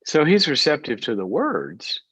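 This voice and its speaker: A man's voice: a little high, wildly swooping pitch, a little slow, background noise. A man hosting a call-in advice show, coaching a caller in a direct way and acting out parents and kids in short bursts. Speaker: call-in show host, psychologist.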